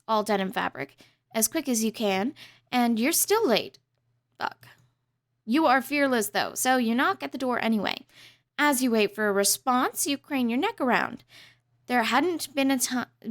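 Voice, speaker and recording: A young woman playing a story game, reading the narration aloud with casual, chatty asides. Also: on the high side. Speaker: game streamer. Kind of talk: reading a visual novel aloud with commentary.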